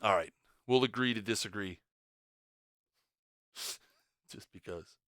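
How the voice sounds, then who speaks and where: A man's voice: fairly low pitch, takes it slowly, a bit bright, dry recording, studio quality. A man hosting a game livestream, chatting casually and joking playfully with his viewers. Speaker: stream host.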